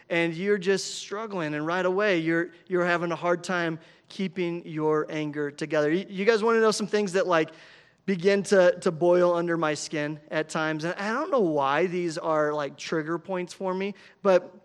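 A man in his thirties, a pastor preaching a conversational, animated sermon full of personal stories and frequent "right?" asides. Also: high-pitched, smooth.

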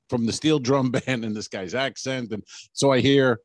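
A comedy podcast co-host with a mid-range voice and normal speed bluntly recounts a story, laughing at his own expense. The recording has no room sound, and the talk is casual banter.

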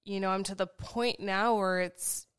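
A woman's voice: medium pitch, fairly even intonation, a little slow, a bit bright, clean tone, dry recording, clean studio sound. A woman co-hosting a podcast, speaking candidly and from the heart about raising her children. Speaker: podcast co-host. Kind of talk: casual conversation.

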